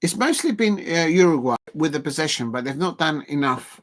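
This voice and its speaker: A man hosting a live football watch-along stream, rambling and excitable, full of fillers and repeats. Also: fairly high pitch, a little fast.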